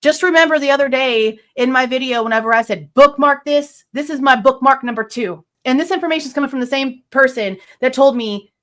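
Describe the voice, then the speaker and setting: Young woman, true crime host, high voice, outspoken and blunt while reacting on camera. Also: a little fast, few pauses, a bit bright. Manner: outspoken, fires off blunt rhetorical questions. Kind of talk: reaction commentary.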